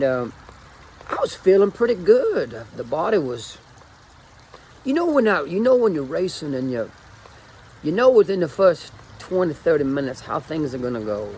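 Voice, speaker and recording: Gravelly man in a put-on Cajun accent. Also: a little high, a little mellow, slight background noise, poor audio. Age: 40s. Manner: rambling, chatty, self-mocking. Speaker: fitness coach. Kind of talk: casual storytelling video.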